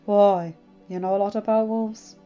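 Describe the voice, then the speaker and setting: A woman voicing an easygoing young smith with a relaxed, wry manner. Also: mid-range voice, a little slow, lightly acted. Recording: dull lo-fi with faint music.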